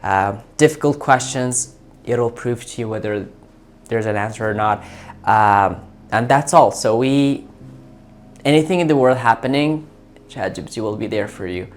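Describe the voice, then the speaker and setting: A man hosting a tech video, talking informally and eagerly, often halting and repeating words as he chats with an AI assistant and his viewers. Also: medium pitch. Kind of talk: casual talk to an AI voice assistant and to viewers.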